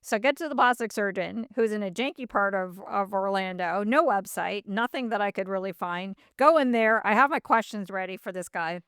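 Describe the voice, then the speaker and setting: A woman's voice: medium pitch, fairly quick, hardly any pauses, fairly bright tone, clean tone, no echo, studio quality. A middle-aged woman hosting a podcast, telling a story casually and animatedly, with many fillers and acted-out quotes. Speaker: podcast host.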